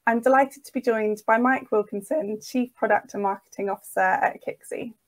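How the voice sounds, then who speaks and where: A woman's voice: a little high, fairly even intonation, moderate pace, low-quality recording. Woman hosting a business interview. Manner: friendly, with fillers and "mm" listening sounds. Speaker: host, editor.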